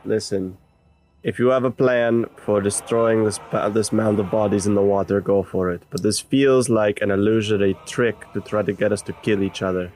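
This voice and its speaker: Low-voiced man at a game table. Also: fairly even intonation, normal speed, a little mellow, faint music behind. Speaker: player. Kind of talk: casual tabletop play.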